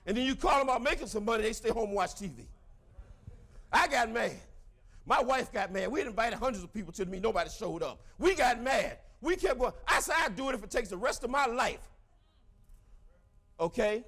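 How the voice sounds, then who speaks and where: A middle-aged man giving a fiery, preacher-like motivational speech to a crowd, breaking into shouts. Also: very high-pitched, animated, fairly quick. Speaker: motivational speaker.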